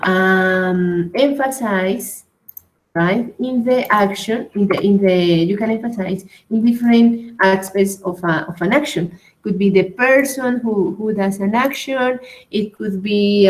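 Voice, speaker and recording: A woman whose first language is Spanish, teaching an English grammar class at a slow, hesitant pace and often checking in with "right?". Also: medium pitch, low-quality recording.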